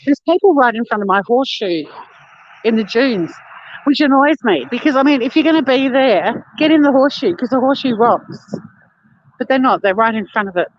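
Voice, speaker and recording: A woman's voice: fairly high pitch, expressive, brisk. An Australian woman rambles through a live-stream vlog outdoors on a beach, blunt and liberal with swearing. Her talk is loose and chatty. The phone audio is dull and lo-fi. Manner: blunt, swears freely, laughs often. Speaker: vlogger. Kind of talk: casual live-stream chat.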